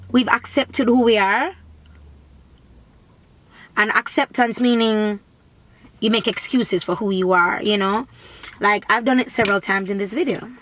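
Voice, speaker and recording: A woman's voice: medium pitch, fairly bright tone, low-quality recording. A woman from Jamaica, chatting in a rambling way while doing her makeup in a parked car. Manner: rambling, chatty, many restarts. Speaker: beauty vlogger.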